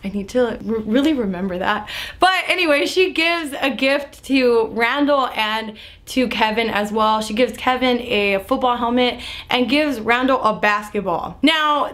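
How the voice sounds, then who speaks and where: A young woman talks straight to her viewers in a chatty, animated recap. Her voice sits a little high for a woman. She fills her sentences with "like" and slips into little impressions of the people she describes. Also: moderate pace. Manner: animated, lots of "like" fillers, acts out quotes. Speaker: vlogger recapping a TV episode.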